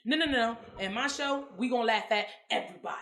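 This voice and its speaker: A woman's voice: fairly high pitch, fast, a bit bright. A woman comedian telling a story in casual podcast chat, acting out quotes and laughing often. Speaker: comedian guest.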